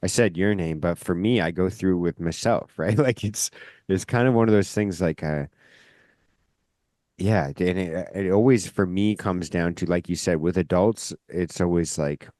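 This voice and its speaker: A man hosting a casual podcast conversation, rambling with lots of filler words and a loud, forceful voice that can sound like yelling. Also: deep voice, normal speed, no room sound, studio quality. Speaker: podcast host.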